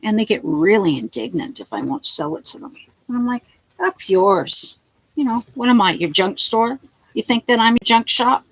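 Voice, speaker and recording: A woman's voice: on the high side, lively intonation, normal speed, fairly bright tone, slight background noise, low-quality recording. A woman vlogging from her home, rambling in a blunt, chatty way and swearing freely as she jumps between topics. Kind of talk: rambling casual home vlog. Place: at home, talking to the camera.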